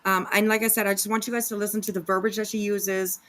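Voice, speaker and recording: A woman talks her viewers through a clip in a loose, chatty way, tossing in sarcastic jabs. Her pitch sits in an ordinary middle range for a woman. She fills gaps with ums and quick asides as she goes. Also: flat delivery, fairly bright tone. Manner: sarcastic, chatty, many fillers. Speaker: commentary channel host. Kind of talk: casual reaction commentary.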